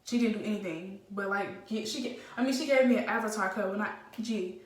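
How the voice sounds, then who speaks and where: A young woman telling a casual storytime vlog, animated and slangy with lots of fillers. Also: medium pitch, brisk. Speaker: vlogger. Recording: roomy, slightly distant phone mic.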